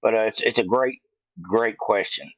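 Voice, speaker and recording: A man's voice: lowish voice, normal speed, no room sound, muffled recording. A man, hosting his own political commentary, rambling casually to viewers with frequent "uh"s. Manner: folksy, rambling, many "uh" fillers. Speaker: political commentary channel host.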